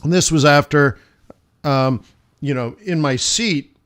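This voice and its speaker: A man's voice: a little high, slow, a bit bright. A man hosting a live trading stream, chatting casually and rambling through a travel anecdote with plenty of restarts and laughs. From United States. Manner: chatty, many restarts, laughs while telling stories. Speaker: livestream host, forex trader. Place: home studio during live stream.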